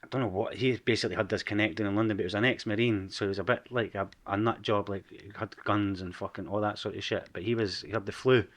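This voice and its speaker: A man's voice: lowish voice, steady tone, fast talker, few pauses. A man in his forties with an Edinburgh Scottish accent, a podcast guest telling his story frankly and casually, swearing freely. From Scotland.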